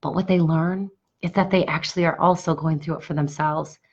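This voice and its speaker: A woman coach with a hoarse, husky voice, talking enthusiastically to her live stream viewers and pitching her workshop with repeated phrases. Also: steady tone, fairly quick, lo-fi sound. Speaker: business coach.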